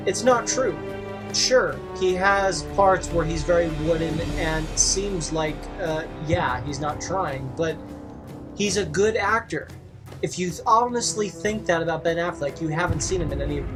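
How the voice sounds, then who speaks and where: A movie reviewer giving a casual spoken review, rambling and halting with frequent fillers. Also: medium pitch.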